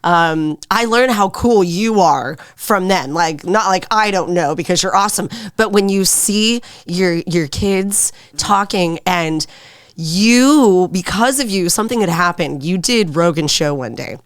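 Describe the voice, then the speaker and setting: A woman's voice: on the low side, animated, a little slow, no echo. A woman guest on an interview podcast, frank and laughing easily, swearing casually.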